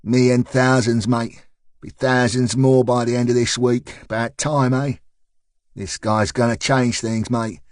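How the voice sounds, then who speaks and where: A man's voice: mid-range voice, little pitch movement, unhurried, no echo, studio quality, lightly acted. A man doing a cocky South London heavy. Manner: cocky, needling, loud. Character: brash heavy-set thirties male far-right recruiter.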